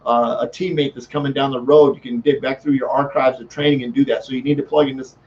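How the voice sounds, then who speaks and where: A man's voice: medium pitch, flat delivery, fast, darkish tone, muffled recording, slight background noise. A man giving a motivational talk as a sales coach, fervent and repetitive, often restarting his sentences.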